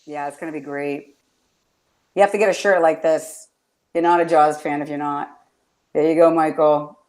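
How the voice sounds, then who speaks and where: A woman co-hosting a show in casual chat, excitable and rambling as she tells stories. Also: low-pitched, normal speed. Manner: bubbly, excitable, rambling storyteller. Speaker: podcast co-host.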